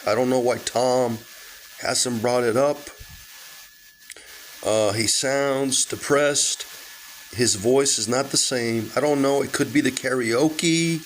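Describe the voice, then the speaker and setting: Sick guy with a weak voice, talking real slow and halting, faint hum behind. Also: mid-range voice, low-quality recording. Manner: halting, full of fillers and restarts. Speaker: vlogger. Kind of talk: casual rambling vlog. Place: car.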